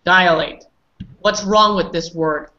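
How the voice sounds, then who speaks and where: A woman's voice: mid-range voice, unhurried, fairly bright tone, dull audio. A woman teaching an online English pronunciation class, patiently correcting and prompting her students.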